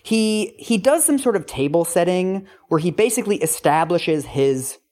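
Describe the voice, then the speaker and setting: Wry male podcast host, lively intonation. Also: high voice, moderate pace. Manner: wry, critical, explanatory. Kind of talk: casual chat and reading quotes aloud.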